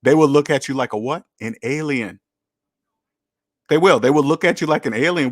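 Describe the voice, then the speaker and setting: With a slightly high voice and a moderate pace, the livestream host pauses often as he reads viewers' comments and throws back emphatic rhetorical questions. His camera mic yields a dry, clean studio sound.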